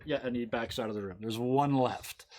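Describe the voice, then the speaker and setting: A man's voice: medium pitch, a little fast, a little mellow. A man narrating as game master of a tabletop role-playing game, laughing often and acting out the scenes.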